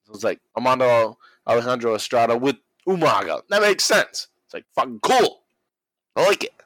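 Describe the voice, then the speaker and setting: A man's voice: mid-range voice, lively intonation, moderate pace, fairly bright tone, no room sound, poor audio. Profane laughing man with a dry sound. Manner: mimics people he quotes. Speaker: podcast host. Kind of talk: casual chat recapping wrestling.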